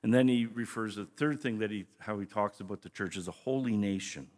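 A man's voice: lowish voice, a little fast, a little mellow. A man teaching scripture as a pastor in a conversational, explanatory way, often restarting his phrases. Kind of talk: sermon teaching.

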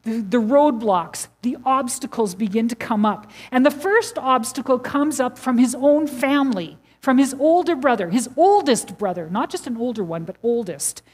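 A middle-aged woman gives a sermon in a chatty, storytelling manner, with a fairly high voice. She acts out the lines of people in the story, and her voice jumps up for them before it settles back into easy explaining. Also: normal speed, hardly any pauses. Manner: conversational storytelling, acting out quotes with animated pitch jumps. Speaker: preacher.

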